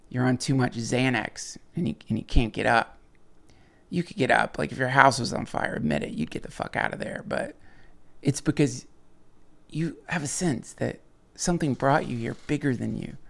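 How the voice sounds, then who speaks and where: A man's voice: medium pitch, moderate pace, vocal fry, pauses often. A man hosting a livestream, rambling casually and profanely with lots of restarts and chuckles while reading viewer chats.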